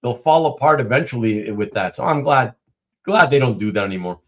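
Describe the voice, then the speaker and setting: A man's voice: mid-range voice, animated, brisk. A middle-aged man hosting a livestream, chatting casually and rambling through replies to live comments with many fillers and restarts. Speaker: livestream host.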